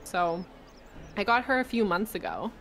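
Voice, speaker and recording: Young woman guest, relaxed rambling chat, faint background hiss. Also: medium pitch, normal speed, rough recording. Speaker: stream guest. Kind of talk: casual chat.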